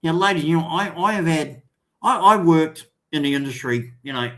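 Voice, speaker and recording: Older Australian male stream host, slightly high voice, loose and rambling, salty language. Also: animated, normal speed, fairly bright tone. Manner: rambling, swears, calls viewers mate and son. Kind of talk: casual live chat.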